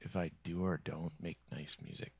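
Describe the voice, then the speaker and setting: A male streamer rants in a rambling, resentful monologue, his voice low and gravelly. He often slips into a husky whisper, close to the mic in a dry room. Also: fairly even intonation, normal speed, a little mellow, no room sound. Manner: bitter, complaining, often drops to a whisper.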